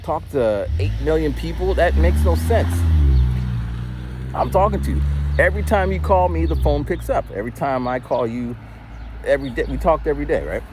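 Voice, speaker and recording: A man in his forties rambles through a story outdoors as he walks, often stumbling over repeated words. His pitch swings in a very animated way, and faint noise sits behind him. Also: moderate pace. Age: 40s. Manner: animated, rambling, with frequent stammered restarts. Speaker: vlogger. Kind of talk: casual storytelling while walking. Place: outdoors, walking.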